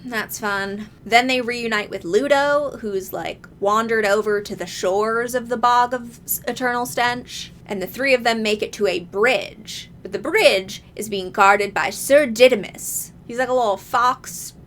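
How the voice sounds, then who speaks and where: A woman's voice: fairly high pitch, measured pace, few pauses, fairly bright tone. A young woman casually recapping a movie, chatty and laughing often as she acts out the characters' lines. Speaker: video essayist.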